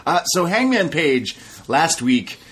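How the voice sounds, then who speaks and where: A man co-hosting a casual podcast, relaxed as he recaps matches and laughs along. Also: on the high side, takes it slowly, husky. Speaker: co-host, wrestling reviewer.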